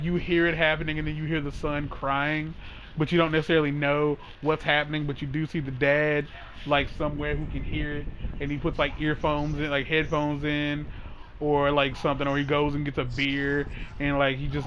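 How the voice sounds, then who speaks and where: A man hosting a casual podcast chat, telling a long story in a rambling, animated way, full of "like" and restarts. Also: on the high side, a little hiss or hum, low-quality recording. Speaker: host.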